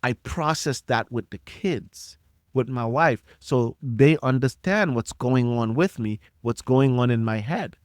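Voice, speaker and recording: A man's voice: medium pitch, unhurried, dry recording. A middle-aged man hosting a solo podcast, delivering a passionate, preachy rant straight at his listeners and repeating his points for emphasis. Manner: passionate, preachy direct address, repeats himself. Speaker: podcast host.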